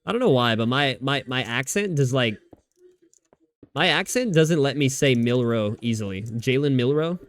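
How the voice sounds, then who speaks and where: A man's voice: medium pitch, lively intonation, moderate pace. A man streaming live, chatting casually and rambling about football, often restarting his sentences and swearing freely. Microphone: desk microphone.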